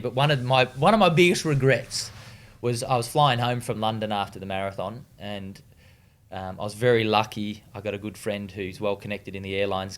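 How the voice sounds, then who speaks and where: A man's voice: lowish voice, a bit bright. A man with an Australian accent telling stories in a casual interview, laid-back, swearing freely, with many fillers and restarts. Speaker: interview guest, retired distance runner.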